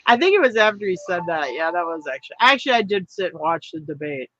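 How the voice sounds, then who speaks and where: A man's voice: sits high, big pitch swings, quick pace, pushed and bright, no room sound. A man in casual political chat, teasing and laughing easily. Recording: dull dry recording.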